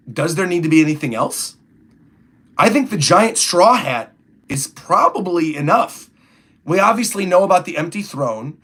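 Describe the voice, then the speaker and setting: A man's voice: fairly high pitch, a bit bright. A young man chatting casually on a livestream, rambling through his thoughts and reading viewer comments aloud. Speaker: streamer reacting to a comic chapter.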